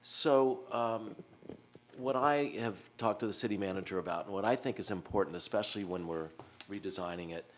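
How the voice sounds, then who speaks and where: A man's voice: on the low side, fairly quick. A man speaking as a council member at a public meeting, rambling and tentative with fillers.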